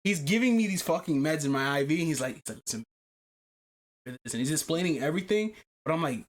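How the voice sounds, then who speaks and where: In a fast, fairly high voice, a man hosting a podcast works through a long story from his own life. His casual talk is lively and full of profanity, with frequent repetition.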